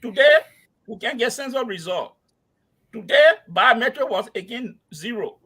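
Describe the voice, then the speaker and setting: A Liberian man on a panel, arguing forcefully and pressing others with pointed questions. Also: very high voice, animated, moderate pace, slightly rough. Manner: forceful, interrupting, rising to loud questions. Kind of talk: heated panel debate.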